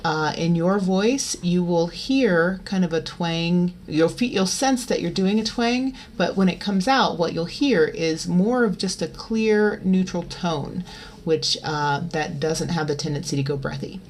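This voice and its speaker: A woman giving a vocal lesson, explaining in a relaxed, chatty way and breaking into loud twangy sung demonstrations. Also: on the low side, unhurried, a little hiss or hum. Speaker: voice teacher.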